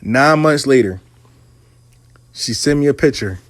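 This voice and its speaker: A man's voice: medium pitch, unhurried, dry recording. A man telling a casual, profanity-laced story about his money coaching clients. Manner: animated, profane street talk.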